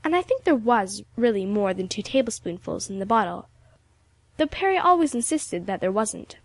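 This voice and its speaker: A woman narrating an audiobook in a steady, expressive reading. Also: medium pitch, moderate pace, dry recording.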